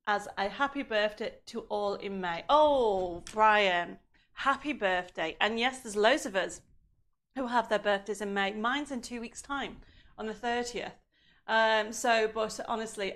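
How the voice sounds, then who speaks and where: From her home studio, a woman runs a live craft stream, reading out viewers' greetings and chatting between coughs. Her a little high, fairly bright voice is slightly strained and starting to fail.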